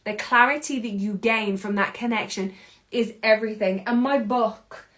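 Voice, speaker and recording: A woman in her thirties hosting a podcast, giving an emphatic, casual motivational monologue in quick bursts, with the odd mild curse. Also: on the high side, fairly bright tone. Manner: casual, with mild swearing and laughs. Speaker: podcast host and anxiety coach.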